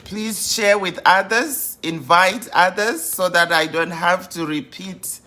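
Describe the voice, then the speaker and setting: A hoarse woman, a life coach greeting viewers over and over on a live-stream talk to an online group. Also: on the low side, slow pace, bright, forceful tone. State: hoarse, sore throat.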